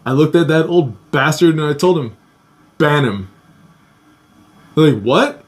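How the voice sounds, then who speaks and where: A man's voice: a little high, brisk, a little mellow. A young man casually telling a personal story, swearing a lot, acting out quoted voices and laughing between lines.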